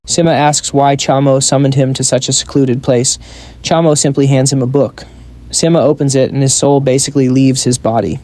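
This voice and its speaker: A man's voice: mid-range voice, steady tone, moderate pace, darkish tone, dry recording. A man narrating a comic story recap in a scripted style, dropping wry joking asides.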